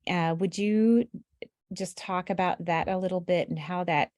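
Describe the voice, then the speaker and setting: A woman's voice: on the low side, unhurried, darkish tone, no echo, studio quality. A woman hosting an interview, asking her guest thoughtful, hesitant questions full of fillers. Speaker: interview host.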